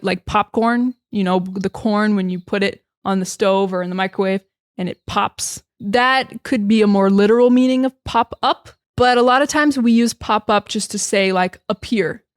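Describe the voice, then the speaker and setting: American woman, young adult, casual English teacher, chatty, dry close sound, mid pitch. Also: dry recording. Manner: chatty, many fillers and restarts. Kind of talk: casual podcast-style teaching.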